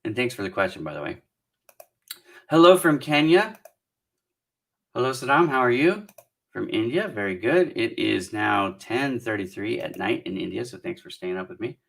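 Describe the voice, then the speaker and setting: A man's voice: mid-range voice, big pitch swings, normal speed, creaky, pauses often. A middle-aged man from Southern California, hosting a casual live-stream Q&A as a career coach, chatty and encouraging while he reads out viewer comments.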